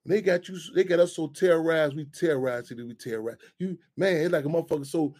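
A man hosting call-in radio talk, animated and profane, rambling with frequent restarts and repeated words. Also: on the high side, fast talker. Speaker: radio show host.

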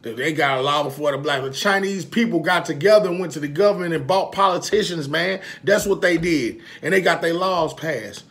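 A man vlogging to his followers in a casual monologue, emphatic and profane, repeating his points and swinging from quiet confessions to loud outbursts. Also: a little high, brisk, few pauses.

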